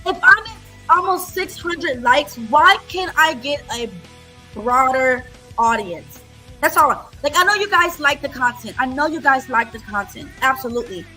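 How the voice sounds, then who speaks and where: A woman's voice: high-pitched, animated, moderate pace, pushed and bright, soft background music. A woman hosting a livestream, talking in a blunt, profane, repetitive rant. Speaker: livestream host.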